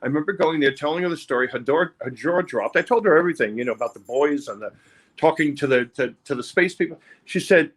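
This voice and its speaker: An older man, telling his life story haltingly in an interview, often repeating words. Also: fairly high pitch. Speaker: interview guest, music producer. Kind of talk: candid personal storytelling.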